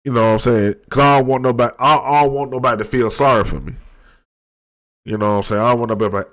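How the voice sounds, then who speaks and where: A man in his thirties hosting a solo podcast from his desk, talking in a soft, reflective and halting way with many restarts. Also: medium pitch. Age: 30s. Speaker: podcast host. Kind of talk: solo confessional monologue. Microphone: desk microphone.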